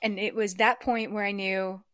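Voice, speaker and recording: A woman's voice: mid-range voice, little pitch movement, moderate pace, dry recording. Woman telling her story, dry sound. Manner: reflective, acts out remembered dialogue; frequent fillers and soft laughs. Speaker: podcast guest. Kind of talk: personal storytelling in an interview.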